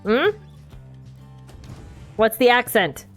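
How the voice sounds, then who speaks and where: A woman's voice: a little high, lively intonation, extremely slow, soft background music. A woman streamer giving casual gameplay commentary in a rambling, chatty way, often correcting herself.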